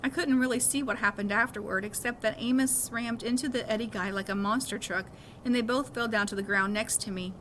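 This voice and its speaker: Bright woman reading a novel aloud. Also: a little high, steady tone, fairly quick, slight background noise. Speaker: reader of a novel.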